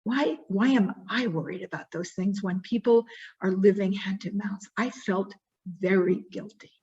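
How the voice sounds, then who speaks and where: A woman giving a keynote talk, telling a personal story with expressive, dramatic delivery and leading a quiet reflection. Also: medium pitch, measured pace. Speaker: keynote speaker. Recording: dull lo-fi recording.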